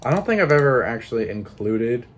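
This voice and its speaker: A man's voice: medium pitch, big pitch swings, brisk, a little hiss or hum. A man reading a narrative game aloud with casual, swearing commentary and laughing asides. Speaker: gameplay streamer.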